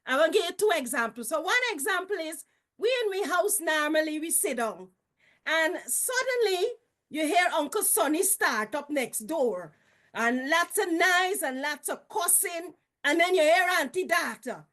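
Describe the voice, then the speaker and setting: A woman with a Guyanese accent telling childhood stories in a lively, folksy way. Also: very high-pitched, normal speed. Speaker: storyteller. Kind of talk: casual storytelling.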